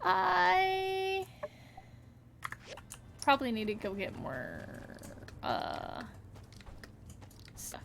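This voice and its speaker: A woman streamer giving casual, halting commentary over her game, self-deprecating with many fillers, at a desk mic. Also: very high-pitched, wildly swooping pitch, vocal fry, noisy background.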